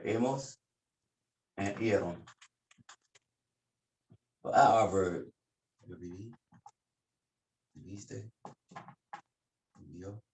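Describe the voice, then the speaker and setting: A man's voice: lowish voice, roomy sound, slight background noise. A man teaching a class at a board, explaining informally and correcting himself as he goes. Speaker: Spanish teacher.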